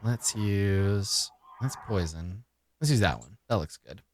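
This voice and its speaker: A man narrating a tabletop game as dungeon master, lively and often laughing. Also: fairly low pitch, slow pace, no echo.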